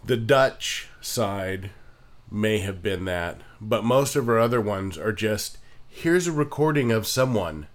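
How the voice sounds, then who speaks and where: A man co-hosting a casual chat about accents, explaining at a measured pace with many ums. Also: lowish voice, animated. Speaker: podcast co-host.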